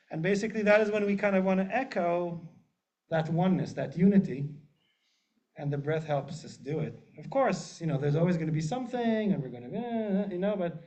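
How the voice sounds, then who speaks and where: A man, a rabbi, teaching a group in a relaxed, joking way and often checking in with the room. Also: on the high side. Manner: chatty, jokey, asks the group often. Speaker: rabbi leading a class. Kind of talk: casual teaching with humor. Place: synagogue classroom with a group. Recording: muffled lo-fi room recording.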